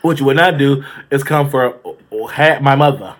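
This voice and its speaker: A man co-hosting a podcast, chatting casually in a sassy, animated way and swearing freely. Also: mid-range voice, moderate pace. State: allergic reaction swelling face. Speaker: podcast co-host. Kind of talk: casual gossip chat.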